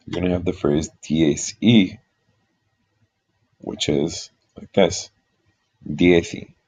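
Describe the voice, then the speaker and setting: A man with a low, slightly rough, somewhat mellow voice explains Spanish numbers at a board, taking it slowly and patiently through examples step by step. The recording has its highs cut off.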